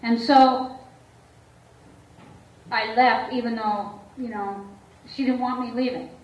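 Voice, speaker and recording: A woman therapist speaks slowly in a slightly high, steady voice, telling an audience frankly about her own life. Laughter comes often, and she acts out the voices of others as she quotes them. The recording is lo-fi and dull, picked up from a distance in an echoey room.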